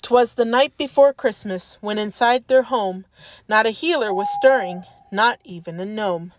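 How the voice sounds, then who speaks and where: Slow, gentle woman reading a storybook. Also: medium pitch, a little hiss or hum. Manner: gentle, unhurried, sing-song rhyming delivery. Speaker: storybook reader in character persona. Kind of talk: storybook read-aloud.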